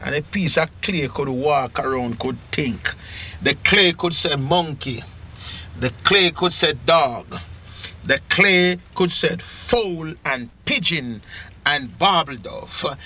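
Jamaican preacher with a bright, high voice. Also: male voice, expressive, slightly rough. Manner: rising to loud, drawn-out emphasis on key phrases; rhythmic repetition. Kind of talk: sermon.

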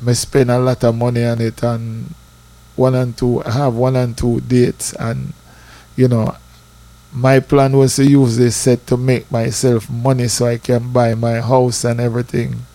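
A man with a Jamaican accent telling a personal church testimony in a lively storytelling way, slipping into patois. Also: medium pitch, unhurried. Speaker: church member giving testimony.

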